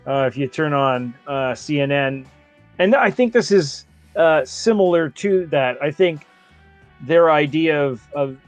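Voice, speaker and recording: Brief: male podcast co-host, raised pitch, measured and agreeable, soft music behind. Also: animated, no echo. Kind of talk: casual film-discussion chat.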